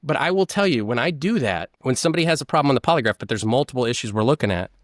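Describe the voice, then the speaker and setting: Animated man, dry close sound. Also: mid-range voice, rapid-fire, dry recording. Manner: animated, acts out questions and answers. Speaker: guest, former polygraph examiner. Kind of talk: explanatory interview talk.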